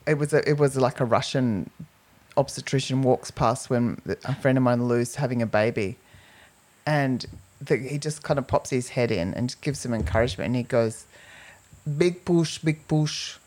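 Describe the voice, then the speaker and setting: A woman's voice: very deep voice, moderate pace, darkish tone. A woman co-hosting a casual podcast, telling stories and acting out the lines people said. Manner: storytelling, acts out quoted speech. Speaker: podcast co-host. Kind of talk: casual chat.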